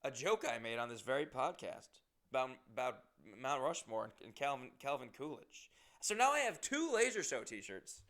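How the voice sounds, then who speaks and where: A man's voice: medium pitch, sing-song, normal speed, a bit bright. A man hosting a podcast, telling rambling, self-deprecating stories and swearing often. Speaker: comedian and podcast host. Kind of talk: casual podcast monologue.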